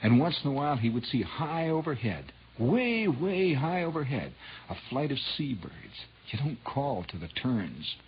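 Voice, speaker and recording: A man telling a dramatic true story on old radio, dropping to hushed whispers and rising to loud swells. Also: mid-range voice, big pitch swings, normal speed, a little hiss or hum. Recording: dull lo-fi 1960s radio recording.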